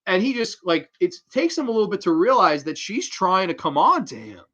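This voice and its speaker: A man in his twenties reviewing a horror film in a casual, excitable way, swearing freely. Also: high-pitched, fairly quick, lo-fi sound.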